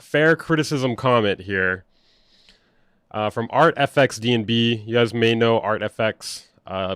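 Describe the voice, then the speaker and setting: A young man talks through a casual livestream, blunt and sarcastic, swearing often as he picks apart online drama. His voice sits at an ordinary middle pitch. The sound is close and dry, with no room echo. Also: smooth. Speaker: music producer streamer reacting to online drama.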